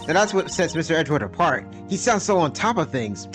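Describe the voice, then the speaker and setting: A man's voice: a little high, very animated, a little fast, over music. Joking young man streaming a game. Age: young adult. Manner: joking, slangy and loose. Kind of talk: casual live game commentary.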